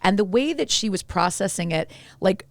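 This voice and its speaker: A woman co-hosting a casual podcast, talking in an animated, gushing way with some playful swearing. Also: mid-range voice, normal speed, dry recording. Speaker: co-host.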